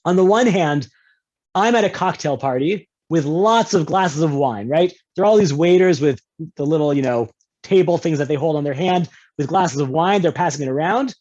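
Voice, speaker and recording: A man's voice: expressive, normal speed, a little mellow. A man teaching an online class as a rabbi, conversational and playful with examples, often checking in with "right?", heard through a video call. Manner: playful with examples, jumps into higher pitch for quoted speakers. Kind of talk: online lecture on Jewish law. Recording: dull lo-fi video call audio.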